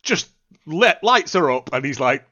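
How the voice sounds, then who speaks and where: Animated, jokey man on a podcast. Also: a little high, a little slow, dull audio. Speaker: podcast guest. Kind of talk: casual film review chat.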